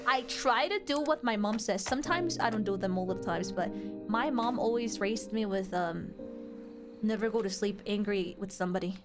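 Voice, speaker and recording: A woman's voice: medium pitch, normal speed, music in the background. A young adult woman streaming a game, chatting casually with her chat in a rambling, giggly way full of fillers.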